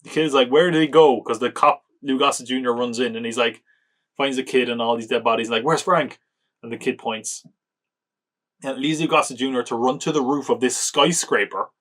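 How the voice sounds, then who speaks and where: A man's voice: mid-range voice, fairly even intonation, fairly quick, a bit bright. A man hosting a podcast, casually reviewing a film in a loose, joking way with lots of filler words and chuckles. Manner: chatty, lots of "like", chuckles often, mocking. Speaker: podcast host reviewing films.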